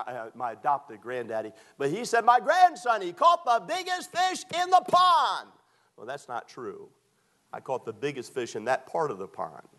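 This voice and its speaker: Male preacher, 60s, mid-pitched, folksy and lively in the pulpit. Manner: lively preaching, reads scripture aloud, folksy storytelling. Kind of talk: sermon.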